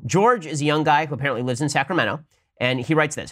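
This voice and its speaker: A young man hosting a commentary show, talking fast and arguing hard. He fires off rhetorical questions one after another while answering listener mail. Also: a little high, lively intonation, bright, forceful tone. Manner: rapid, argumentative, rhetorical questions. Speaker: host.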